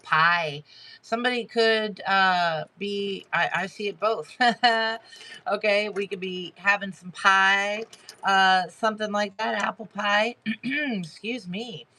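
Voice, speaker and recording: A woman giving a live tarot reading to her chat, talking haltingly with many fillers and restarts and greeting viewers by name. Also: mid-range voice, sharp tone. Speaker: tarot reader hosting a live stream.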